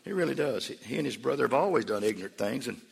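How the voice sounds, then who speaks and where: A man's voice: medium pitch, expressive, fast talker, creaky, breathy edge. A man pastor preaching a sermon in a church, emphatic and repetitive. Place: church sanctuary. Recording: long church reverb.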